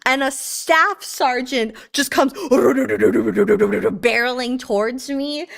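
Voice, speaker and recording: A woman's voice: high voice, measured pace, fairly bright tone, clear, resonant tone. A young woman streamer chatting casually with viewers, playful and teasing as she tells stories.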